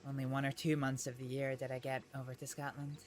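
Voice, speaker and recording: Woman playing a soft-spoken Faroese frontier girl. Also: a bass voice, level tone, fast talker, a little hiss or hum. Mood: chatty. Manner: soft, hesitant, giggly. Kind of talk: western role-play.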